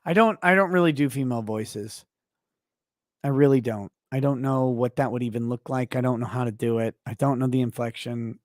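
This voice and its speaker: A man hosting a casual livestream reads viewer donations aloud, ranting loudly and profanely, swinging between shouting and muttering, and he sounds a little tipsy. His voice is medium-pitched and brisk. The recording is dry, with clean studio sound.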